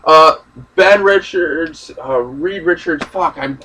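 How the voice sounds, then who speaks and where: Young man, casual rant, profane and rambling, higher voice, distant recording. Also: slow, sharp tone. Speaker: movie reaction host. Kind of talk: casual ranting movie discussion.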